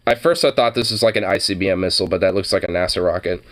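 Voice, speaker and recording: Deep-voiced and talking very fast, this Oregon man hosts reaction videos. His commentary is casual and rambling, loaded with swearing and frequent laughs.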